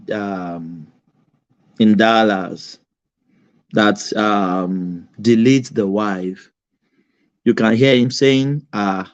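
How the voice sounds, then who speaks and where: A man's voice: on the low side, no echo. A man hosting casual commentary, hesitant with many fillers. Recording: dry, dull lo-fi mic.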